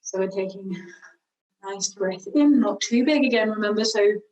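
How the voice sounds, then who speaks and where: A woman teaching singing, calmly guiding a vocal warm-up with slow, encouraging cues. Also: mid-range voice, distant mic, rough recording. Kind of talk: guided vocal warm-up lesson.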